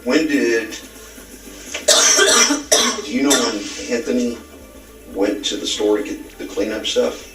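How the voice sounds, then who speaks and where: A male detective calmly asking short clarifying questions in a recorded police interview. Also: mid-range voice, slow, long pauses, reverberant, recorded from a distance, over loud music, low-quality recording.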